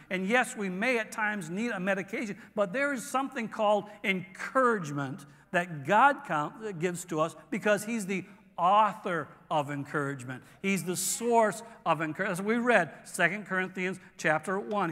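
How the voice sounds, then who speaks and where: High, bright-voiced preaching man. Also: long reverb tail. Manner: earnest preaching with pauses and restarts. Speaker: pastor. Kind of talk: sermon. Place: church sanctuary.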